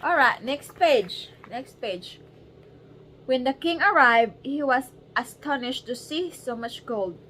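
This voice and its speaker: A mother reads a storybook aloud to her baby at bedtime, her voice a bit high. She keeps the narration casual and breaks off to coax the wriggling child. Faint background noise sits under the recording at home. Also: animated, slow pace, fairly bright tone, rough recording. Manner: casual reading, distracted, coaxing a wriggling baby.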